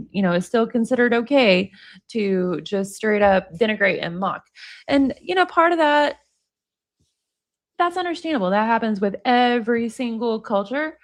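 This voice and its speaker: An American woman chatting casually on a livestream, reading viewer comments aloud and rambling on between them. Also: a little high. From United States. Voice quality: says y'all, self-described hillbilly.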